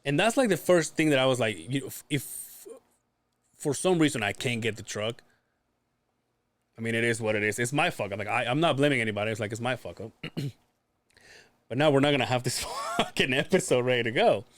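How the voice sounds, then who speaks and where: A man's voice: mid-range voice, expressive, a little fast, a bit bright, no room sound. A man co-hosting a podcast, telling a story casually, swearing often and acting out what people said. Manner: swears often, acts out quoted voices. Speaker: podcast co-host.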